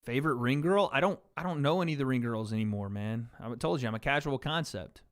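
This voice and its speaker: A man's voice: medium pitch, fast. A man hosting a livestream watch party, riffing on chat in blunt, profane casual commentary. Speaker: livestream host.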